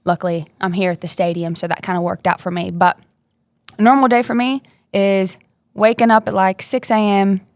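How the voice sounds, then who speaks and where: A woman's voice: mid-range voice, steady tone, moderate pace, dry recording. A young woman, chatting casually and upbeat as a guest, laughing easily. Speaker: basketball player, podcast guest. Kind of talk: casual interview chat.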